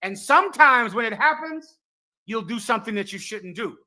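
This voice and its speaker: Male preacher type, bright voice, solemn biblical delivery. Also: extremely high pitch, expressive, normal speed. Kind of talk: sermon-like commentary.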